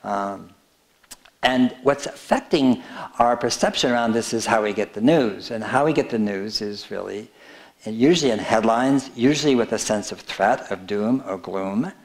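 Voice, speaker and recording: Wry older man with a gravelly voice. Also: fairly low pitch, normal speed. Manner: conversational, wry, laughs at his own jokes. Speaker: speaker presenting his book. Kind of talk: public lecture with slides. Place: town hall auditorium.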